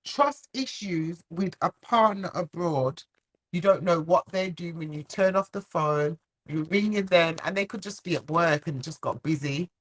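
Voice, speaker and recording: A woman's voice: lowish voice, unhurried. A woman co-hosting a casual live stream chat, speaking frankly and earnestly and laughing easily. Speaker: co-host.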